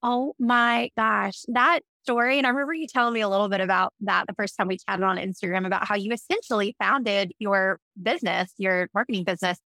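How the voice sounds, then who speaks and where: A woman hosts a podcast interview, answering her guest with enthusiastic affirmation. Her voice carries a gravelly fry at a medium pitch, recorded close and dry. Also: steady tone, a little fast, hardly any pauses, no room sound. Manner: warmly affirming, enthusiastic reactions. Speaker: podcast host.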